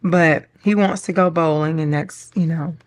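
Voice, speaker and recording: A woman's voice: low voice, steady tone, normal speed. A middle-aged woman chatting casually and rambling while she decorates her planner, laughing often and getting choked up. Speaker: planner vlogger.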